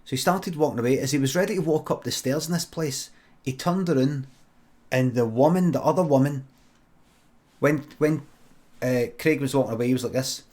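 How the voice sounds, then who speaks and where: A man with a Scottish accent improvising a comic story in a deadpan, halting way on a live stream. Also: medium pitch.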